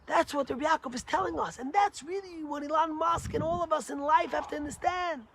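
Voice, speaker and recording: A man, a rabbi, giving a sermon with animated, emphatic storytelling. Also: very high voice, fairly quick, hardly any pauses, slight background noise.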